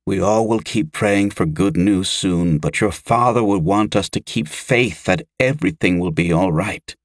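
A man voicing a middle-aged noble mother in an audiobook, speaking softly and gently. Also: deep voice, measured pace, no echo, clean studio sound. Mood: comforting. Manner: soft and hushed.

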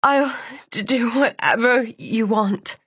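A frightened young woman pleads in a trembling, raised voice, voiced by a woman narrator. Her words come in short, shaky bursts. The sound is dry and a bit husky. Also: fairly high pitch, expressive, slow pace, fairly bright tone, no room sound, voice pushed up, exaggerated voice. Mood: pleading.

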